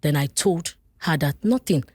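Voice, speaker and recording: Nigerian woman telling a story on a podcast, lowish voice, acts out everyone, dry close sound. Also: a little slow, slightly rough, dry recording. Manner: animated, jumps into voices of people in her story. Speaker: podcast guest. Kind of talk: casual storytelling. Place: podcast studio.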